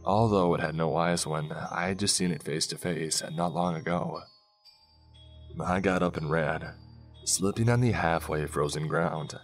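A man narrating a first-person scary story in a slow, hushed way, with soft music behind him. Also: low voice. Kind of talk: scripted horror story narration. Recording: faint background music.

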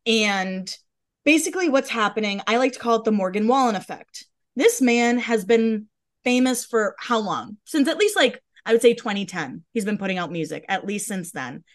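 A woman's voice: on the high side, animated, normal speed. Blunt, heated woman podcast co-host. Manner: blunt, heated, swears freely. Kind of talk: casual chat.

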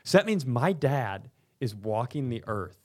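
A man in his thirties co-hosting a comedy podcast, telling stories about his family in a wry, deadpan way. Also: medium pitch, measured pace. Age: 30s. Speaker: podcast co-host. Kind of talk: casual comedic chat.

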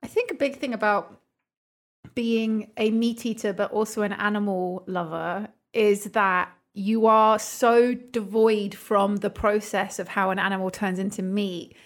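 A young woman talks loosely into a podcast mic as co-host, breaking into laughter and dropping casual swears. Her voice sits at an ordinary middle pitch. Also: fairly even intonation, unhurried. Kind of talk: casual chat.

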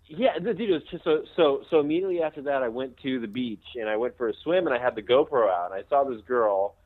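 A man calling in to a podcast, talking in a relaxed, rambling way. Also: mid-range voice, fast talker, no echo. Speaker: caller. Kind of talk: casual chat over a call. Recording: phone-line call.

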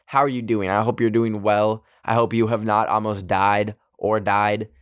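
A man's voice: fairly low pitch, little pitch movement, moderate pace, clean tone, dry recording, clean studio sound. A man hosting a podcast in casual chat, giddy and self-mocking, rambling off track and laughing at himself. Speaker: podcast host.

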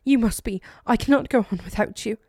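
Casting: woman reading a fragile grieving young woman, breathy whispers, mellow tone. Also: on the high side, a little fast, no echo, clean studio sound, pitched above the performer's own voice. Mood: frantic.

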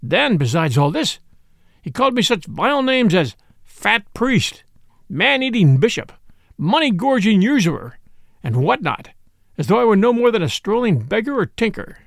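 A man's voice: a little high, big pitch swings, normal speed, hardly any pauses, dry recording, clean studio sound, heavily acted. A man voicing a pompous, indignant bishop in an audiobook reading, huffy and affronted. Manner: huffy and affronted, rising to shouts. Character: pompous, indignant male bishop of middle age.

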